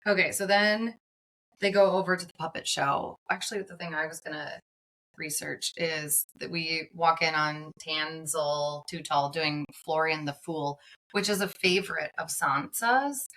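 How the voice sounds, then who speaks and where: A woman co-hosting a podcast, casually and animatedly recapping a TV episode with lots of fillers. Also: sits low. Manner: animated, quick retellings of scenes with lots of fillers. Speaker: podcast co-host.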